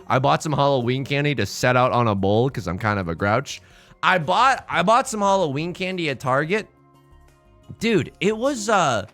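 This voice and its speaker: This game streamer's voice sits on the high side with a fairly bright tone. He chats casually and jokily, rambles, repeats his phrases, and greets chat by name mid-sentence during his gameplay commentary.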